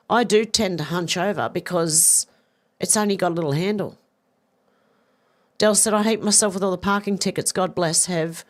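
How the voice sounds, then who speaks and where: A woman hosting a casual live stream, chatty and self-deprecating, reading viewer comments aloud and answering them with frequent laughter. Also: mid-range voice. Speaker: livestream news host reading viewer comments.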